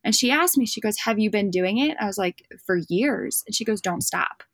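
A young woman talking on a podcast in an easy, casual way, slipping into little voices as she acts out what people said. Her pitch sits in the middle, and the sound is dry and close, with no room around it. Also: normal speed, no echo. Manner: lively storyteller acting out quoted dialogue. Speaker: podcast guest, bird dog handler and hunting guide. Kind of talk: casual chat.

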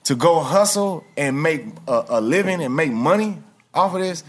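A man's voice: fairly high pitch, expressive, moderate pace. Laid-back man. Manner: laid-back storytelling with slang. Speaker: podcast guest. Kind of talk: casual interview chat.

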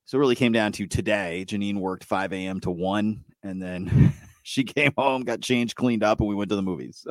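A man's voice: fairly low pitch, moderate pace, no echo. A middle-aged man co-hosting a podcast in casual chat, getting worked up, swearing freely and laughing often. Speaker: podcast co-host.

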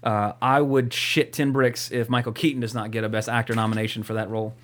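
A man's voice: mid-range voice, little pitch movement, fairly quick, fairly bright tone. A young man co-hosting a podcast, chatting casually and rambling, with lots of fillers, restarts and swearing. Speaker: podcast co-host.

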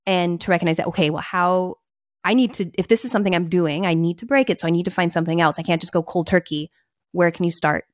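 A young woman co-hosting a casual podcast chat, animated and acting out her own past thoughts. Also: lowish voice, fast talker, no echo, studio quality.

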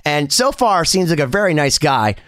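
A male podcast co-host with a high voice that moves a lot as he talks. He is jokey and quick to apologize. The recording is close and dry. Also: sing-song, fairly bright tone, no echo. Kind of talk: casual podcast chat.

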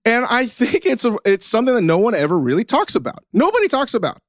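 A man's voice: very high-pitched, wildly swooping pitch, fast, no echo, studio quality. A man hosting a podcast, talking casually in a rambling, self-mocking way and swearing now and then. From United States. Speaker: podcast host. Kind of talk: casual chat.

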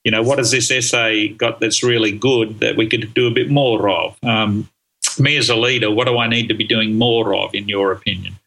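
A man's voice: lowish voice, steady tone, normal speed, gravelly, pushed and bright, low-quality recording. A middle-aged man, a guest on an interview show, explaining his ideas enthusiastically with frequent ums and restarts. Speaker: guest speaker on learning. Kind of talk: conversational interview answers.

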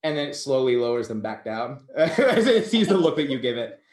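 A man at a middle pitch runs a tabletop game, describing the action in a rambling, self-correcting way. His voice carries a roomy echo. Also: big pitch swings, a little fast, a little mellow. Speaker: game master.

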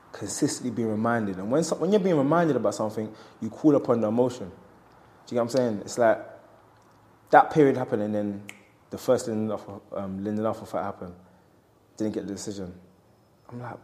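A man's voice: mid-range voice, a little fast, darkish tone, slight background noise. A man, a boxer speaking candidly in an interview, reflective and storytelling with quoted asides.

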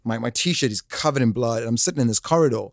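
A man, a podcast guest telling a comic story in a jokey, animated way. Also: medium pitch, fast, no room sound, clean studio sound. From South Africa. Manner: animated, jokey, acts out voices in his stories. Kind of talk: comic storytelling in casual chat.

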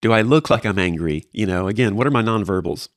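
Fast-talking earnest man, low voice. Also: no room sound, studio quality. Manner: earnest, encouraging, many restarts. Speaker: co-host discussing mentoring. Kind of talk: casual faith-based discussion.

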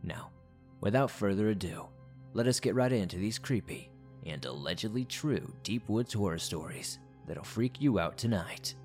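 A man hosting a horror story show, narrating listener-submitted stories in a measured way. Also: on the low side, lively intonation, a little mellow, soft background music.

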